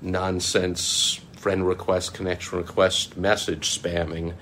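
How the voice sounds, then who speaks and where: A middle-aged man, a small business marketing consultant, hosting a casual vlog and telling an animated story with chuckles. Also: slow, a little hiss or hum. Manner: animated, chuckling, breaks into mocking high-pitched quoted voices.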